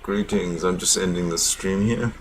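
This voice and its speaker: A man's voice: low voice, steady tone, moderate pace, slight background noise. A man hosting a casual livestream, muttering to himself as he clicks around and signs off with teasing sarcasm. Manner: muttering to himself while navigating a screen. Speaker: livestream host.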